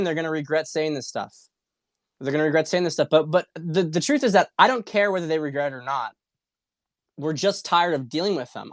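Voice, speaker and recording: A man's voice: a little high, no echo, clean studio sound. Profane, fired-up man ranting. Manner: rambling, repetitive, fired-up and profane. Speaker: political commentary host. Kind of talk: casual livestream monologue.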